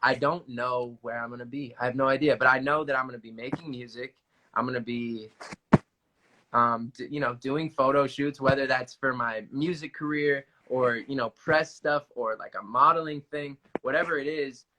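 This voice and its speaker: A man's voice: mid-range voice, fairly even intonation, normal speed, noisy background. A young man chatting casually as a musician guest in a livestream interview over his phone, rambling with lots of fillers. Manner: rambling, filler-heavy, upbeat.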